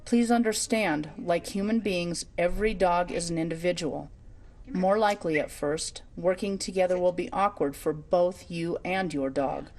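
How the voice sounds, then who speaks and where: A woman narrating a training video in a calm, measured, scripted reading. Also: on the low side.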